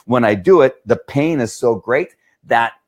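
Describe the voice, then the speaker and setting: A man's voice: mid-range voice, animated, a little slow. A man, a dog trainer explaining things in a casual, rambling way and often asking "right?".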